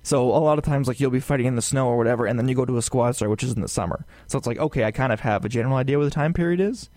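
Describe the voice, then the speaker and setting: A man co-hosting a casual podcast, rambling along with plenty of fillers and side remarks. His voice sits at a middling pitch. The recording is dry and close, with no room sound. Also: very fast, dry recording. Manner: rambling and animated, many fillers and asides. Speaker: podcast co-host. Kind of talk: casual gaming podcast chat.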